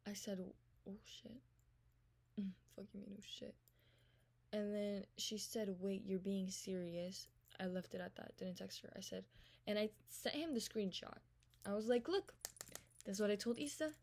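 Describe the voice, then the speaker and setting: This storytime vlog features a young woman recounting a text argument quickly, profanely and with exasperation, loud venting alternating with hushed asides. Her medium-pitched voice has vocal fry and fairly even intonation.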